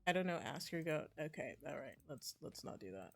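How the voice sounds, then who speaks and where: A woman's voice: low-pitched, big pitch swings, fairly quick, creaky. A woman streaming a game, reading the dialogue aloud between chatty asides. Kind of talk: casual gameplay commentary.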